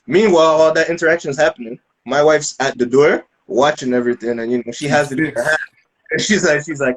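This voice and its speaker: A man's voice: on the high side, brisk, poor audio. A man co-hosting a podcast, telling a story loosely with many fillers and restarts. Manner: acts out voices with laughter. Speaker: podcast co-host. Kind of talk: casual storytelling.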